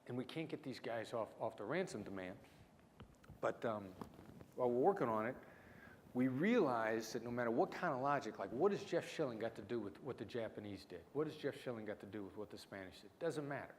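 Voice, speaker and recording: A middle-aged man with a mix of small-town Midwestern and New York City accent, giving a punchy keynote with dramatic pauses. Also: medium pitch, animated. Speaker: keynote speaker, negotiation expert. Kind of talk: conference keynote storytelling. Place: large lecture hall. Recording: hall reverb, faint room noise.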